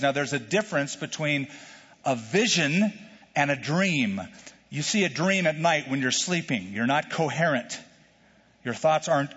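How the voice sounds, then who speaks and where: A man preaching a verse-by-verse sermon, animated, repeating words as he goes and acting out the shouts in the story he tells. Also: fairly high pitch. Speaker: pastor. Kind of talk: expository sermon with a told joke. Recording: dull, distant church hall sound.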